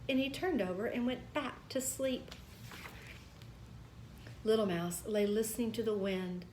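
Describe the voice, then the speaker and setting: A woman reading a children's story aloud, gentle and expressive. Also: on the high side, a little slow, long pauses, a little hiss or hum. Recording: roomy echo.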